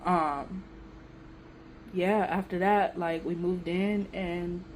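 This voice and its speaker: Young woman, casual storytime vlog, emotional and animated, slangy talk, faint background hiss. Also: lowish voice, very slow, long pauses. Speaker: vlogger.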